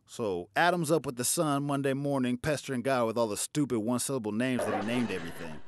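A man's voice: mid-range voice, fast talker, dry recording, clean studio sound. A man doing a stand-up routine, sarcastic and profane. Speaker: stand-up comedian.

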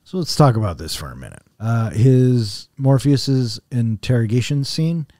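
A man co-hosting a casual movie review podcast, relaxed and blunt, swearing now and then. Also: mid-range voice, moderate pace, no room sound, studio quality. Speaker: podcast co-host.

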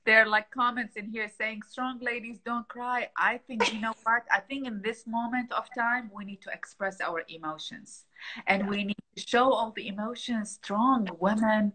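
A woman's voice: on the high side, steady tone, normal speed, pushed and bright, rough recording. A middle-aged woman speaking in an emotional, reflective conversation as an interview guest, heartfelt and openly moved. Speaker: founder and guest.

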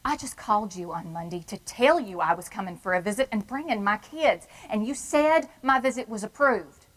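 A woman's voice: mid-range voice, lively intonation, moderate pace, lightly acted, poor audio. A woman with a Texan accent playing a brash, folksy wife of a prisoner in a stage monologue. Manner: brassy, folksy, drawling. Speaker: performer. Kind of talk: theatrical monologue.

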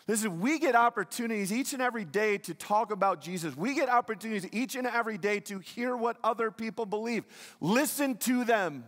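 A man's voice: high voice, a little fast, fairly bright tone, long reverb tail. A male pastor delivering a sermon, emphatic, asking the congregation questions and repeating key lines. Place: church sanctuary.

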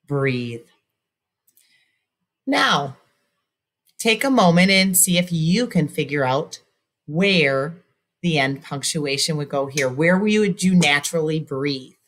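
A woman teacher recording a mini lesson for young students, patiently modeling how to read aloud and pause to breathe. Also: low-pitched, lively intonation, a bit bright. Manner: clear, patient modeling, reads text aloud with exaggerated breathlessness.

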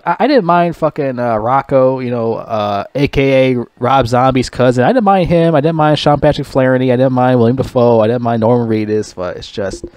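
A man's voice: mid-range voice, a little mellow, no echo. A man giving a casual, rambling movie review, swearing a lot and laughing at his own jokes. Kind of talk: casual rant.

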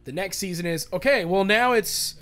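A man co-hosting a casual podcast, animated and profane, bursting into loud acted-out quotes as he talks. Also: sits high, moderate pace. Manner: animated, swearing, acts out quotes loudly. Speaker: podcast co-host. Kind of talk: casual chat.

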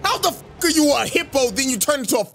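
A man's voice: very high voice, lively intonation, fast, gravelly, fairly bright tone, soft background music. A young man commentating his own gameplay, cursing and screaming outbursts at the game as he plays. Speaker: gaming YouTuber.

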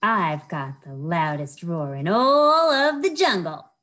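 A woman's voice: fairly low pitch, lively intonation, takes it slowly. Woman doing a small boastful tiger. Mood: proud. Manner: boastful, loud.

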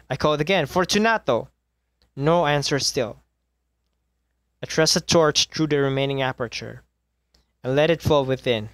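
Male amateur reader, mid-pitched, measured story narration, dry close mic. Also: no room sound. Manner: measured, with occasional misreadings and self-corrections. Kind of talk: reading a classic short story aloud.

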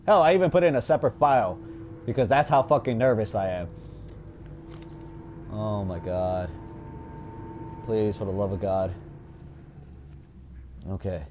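A man giving let's play commentary, swinging between nervous muttering and loud excited shouting, and swearing a lot. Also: fairly low pitch, a little slow, long pauses, slight background noise. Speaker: gaming streamer.

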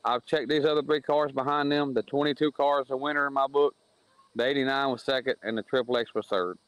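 A man spins a long story from the racetrack in plain, blunt words. His pitch sits in the ordinary middle range, and he quotes the other people in the argument as he tells it. The recording is dry and close, with no room sound. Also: steady tone, a little fast, smooth, dry recording, highs cut off. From southern United States. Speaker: racing series promoter on a podcast. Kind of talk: casual storytelling chat.

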